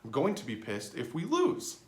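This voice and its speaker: A man giving casual fan commentary on his sports vlog, full of joking, sarcastic asides and sudden jumps in pitch. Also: wildly swooping pitch, normal speed. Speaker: sports vlogger. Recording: roomy echo.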